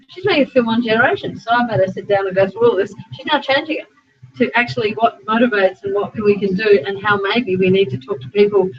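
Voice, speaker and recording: A middle-aged Australian woman speaking as a sport psychologist, giving a chatty, animated talk to a small group of students and breaking into frequent asides. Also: medium pitch, slightly rough. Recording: dull lo-fi recording.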